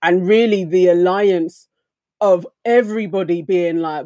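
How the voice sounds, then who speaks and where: A woman's voice: on the low side, normal speed, mellow, no room sound, clean studio sound. A woman co-hosting a casual discussion who speaks reflectively, building long arguments. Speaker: podcast co-host.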